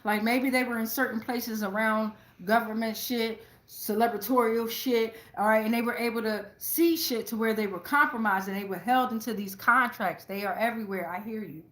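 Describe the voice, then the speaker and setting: Excitable woman reading tarot, echoey room. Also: fairly high pitch, normal speed, few pauses. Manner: profane, keeps asking "right?"; excitable, repeats phrases. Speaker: tarot reader. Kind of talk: casual tarot reading to camera.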